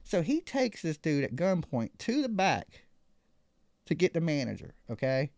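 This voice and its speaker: A man's voice: fairly high pitch, very animated, unhurried, darkish tone, dry recording, clean studio sound. A man hosting a live call-in show, telling a story casually and acting out other people's lines.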